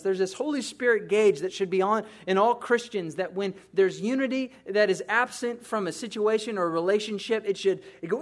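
A pastor preaching a conversational sermon, moving between hushed, intimate passages and emphatic, rising ones. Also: male voice, high voice, a little fast.

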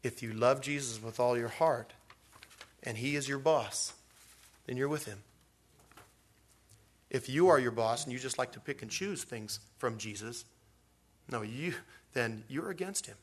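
A man's voice: medium pitch, unhurried, pauses often. A man preaching a sermon in a folksy, rambling way, full of restarts and stories. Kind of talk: storytelling sermon.

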